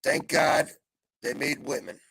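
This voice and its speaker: A man on a live panel chat, talking in a vulgar, loud, abrasive way as he tells stories. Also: a little high, fairly even intonation, a little slow, gravelly, husky, no room sound, rough recording. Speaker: regular panelist.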